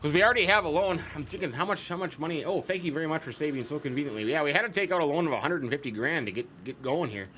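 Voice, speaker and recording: Guy doing a farm game let's play, kinda high bright voice, goofy and rambly, faint game sounds behind. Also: lively intonation, very fast, few pauses, a little hiss or hum. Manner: chatty, goofy, rambling, repeats words for fun. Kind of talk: casual gameplay commentary.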